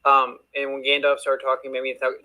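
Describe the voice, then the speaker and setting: A man's voice: mid-range voice, monotone, fast, bright, forceful tone, poor audio. A man with a Southern US accent, playfully teasing a guest in a casual live audio chat.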